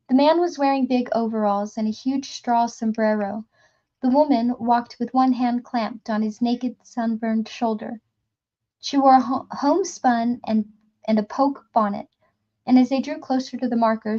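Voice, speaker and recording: Woman reading a novel aloud, lo-fi. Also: fairly high pitch. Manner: steady storytelling with small slips and restarts. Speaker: audiobook reader. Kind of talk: reading a novel aloud, voicing characters lightly.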